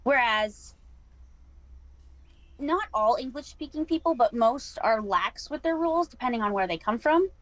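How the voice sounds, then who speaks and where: Female streamer guest, relaxed interview talk, laughs easily, slightly high voice. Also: normal speed, low-quality recording. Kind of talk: casual online interview.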